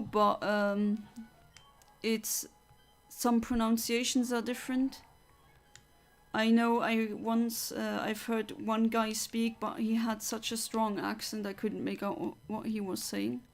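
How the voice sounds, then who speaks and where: A woman's voice: a little high, flat delivery, slow, faint music behind. A woman from Luxembourg, chatting casually as a streamer and reading out viewer comments, reflective with frequent fillers and restarts.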